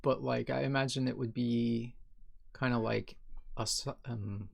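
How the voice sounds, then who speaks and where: A man's voice: medium pitch, steady tone, a little slow, creaky. A man from Ohio, co-hosting a podcast, chatting casually in a rambling way, full of fillers and restarts. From Ohio, USA. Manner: rambling, filler-heavy, self-correcting. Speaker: podcast co-host. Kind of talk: casual chat.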